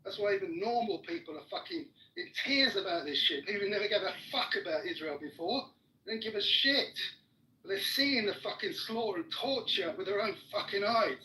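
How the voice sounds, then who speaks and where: A man in a heated argument, furious and swearing constantly as he shouts down the other person. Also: sits high, expressive, fairly quick. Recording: echoey room, mic at a distance.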